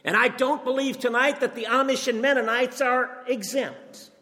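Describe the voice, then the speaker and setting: A man's voice: very high-pitched, fairly even intonation, normal speed, pushed and bright. An older man preaching a sermon, earnest and emphatic, firing off rhetorical questions. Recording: long reverb from a hall.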